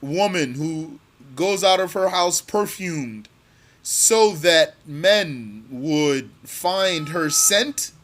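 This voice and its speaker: A male religious teacher works through a text at a very unhurried pace, reading each Arabic phrase and then translating and explaining it word by word. His voice sits a little high with a bright, forceful edge, and he often repeats a phrase to drive it home. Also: expressive. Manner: slow and deliberate, repeating phrases. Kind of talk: line-by-line text lesson.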